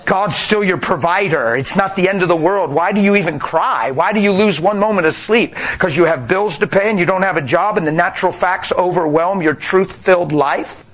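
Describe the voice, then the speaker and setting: A man's voice: high-pitched, moderate pace, hardly any pauses, fairly bright tone. A man preaching a sermon emphatically, asking rhetorical questions and calling out to the congregation.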